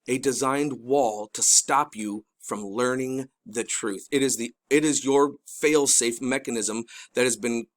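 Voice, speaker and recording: A middle-aged man giving casual commentary over a video, urgent and pleading, rambling with many restarts and excited bursts. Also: mid-range voice, measured pace, few pauses. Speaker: video host.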